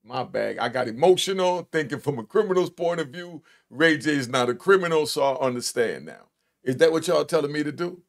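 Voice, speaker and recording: A man giving casual reaction commentary on played clips, with a blunt, emphatic streetwise way of talking and drawn-out stresses. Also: on the high side, lively intonation, creaky.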